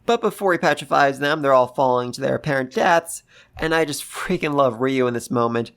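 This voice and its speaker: A host giving a casual, gushing review of a manga chapter, talking excitedly and repeating phrases for emphasis. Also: medium pitch, a little fast. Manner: gushing, excitable, gasps and laughs. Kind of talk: casual commentary.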